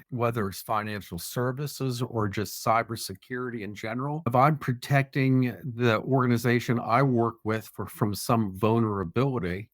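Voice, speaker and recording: A man's voice: medium pitch, dry recording, studio quality. A man speaking as a podcast guest, answering in an earnest, reflective way with light self-deprecating humor. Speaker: podcast guest, security officer. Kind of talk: conversational interview answers.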